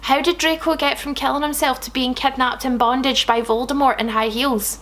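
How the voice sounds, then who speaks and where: High, bright young woman reading comically. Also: normal speed, few pauses. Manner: animated, sarcastic, swears freely. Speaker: comedian reading fan fiction aloud. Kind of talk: comic read-aloud.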